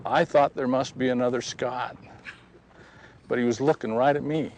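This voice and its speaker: A man's voice: mid-range voice, fairly even intonation, moderate pace, a little mellow, a little hiss or hum, low-quality recording. Folksy man telling a story outdoors. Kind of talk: personal testimony told outdoors.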